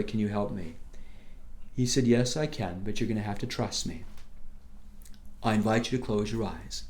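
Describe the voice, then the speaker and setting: Gentle soft-spoken priest, man. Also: medium pitch. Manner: gentle storytelling, often dropping softly to a hush. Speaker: priest leading a retreat. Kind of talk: retreat talk.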